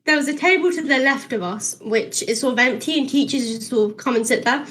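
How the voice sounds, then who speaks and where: On a laid-back podcast, a teen co-host speaks high and fairly quickly as she recounts something that happened at school. She performs the characters' lines and keeps laughing as the story goes on.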